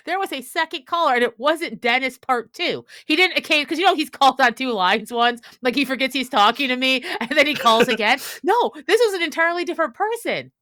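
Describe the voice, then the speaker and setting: High, lively, flustered woman role-playing. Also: dry recording, studio quality. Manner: frantic, flustered, dramatic. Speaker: tabletop game player. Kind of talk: in-character role-play as a radio host.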